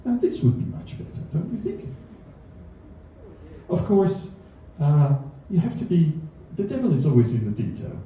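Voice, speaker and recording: A very animated Australian man with a fairly high pitch and dark tone performs stand-up science at a moderate pace for a live audience at a comedy venue. His jokes are dry and self-deprecating, and he chuckles at them himself. Heard through a faraway mic in an echoing hall, with slight background noise.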